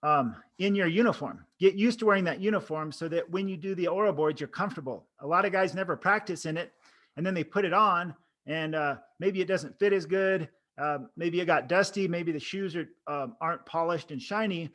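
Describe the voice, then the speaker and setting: High-voiced man coaching to camera. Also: brisk, a bit bright. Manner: casual coaching, demonstrates expressions and tones. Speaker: oral board coach. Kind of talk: instructional talk to camera. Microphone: camera framing, speaking to camera.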